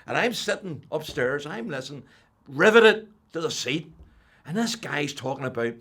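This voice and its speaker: An older man with a Northern Irish accent, telling his personal faith testimony as an animated storyteller who drops to a hush and then rises loud. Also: a little high, normal speed, slightly rough. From Northern Ireland. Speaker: testimony speaker.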